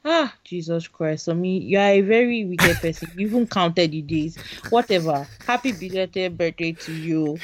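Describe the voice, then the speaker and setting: A woman co-hosting a casual chat show, talking fast in a playful, apologetic way. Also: lowish voice, noisy background. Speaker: co-host.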